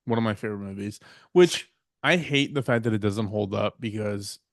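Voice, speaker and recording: A man co-hosting a podcast, telling relaxed stories in a casual chat full of "like". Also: lowish voice, moderate pace, vocal fry, dry recording, clean studio sound. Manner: relaxed, anecdotal, lots of "like". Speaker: podcast co-host.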